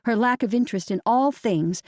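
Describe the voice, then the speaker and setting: A woman narrating a novel as an audiobook reader, in a gentle, measured storytelling manner. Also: a little high, dry recording, studio quality. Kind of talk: scripted narration.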